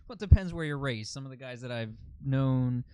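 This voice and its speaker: Podcast host guy, relaxed rambly talk, mid voice, dry close mic. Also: medium pitch, clean tone, no echo. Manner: easygoing, rambling, quick to laugh. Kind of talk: casual interview chat.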